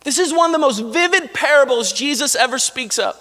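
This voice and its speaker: Guy pastor preaching, chatty asides, bright voice, big echoey church. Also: very high voice, animated, brisk. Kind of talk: sermon. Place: church sanctuary. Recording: long hall reverb.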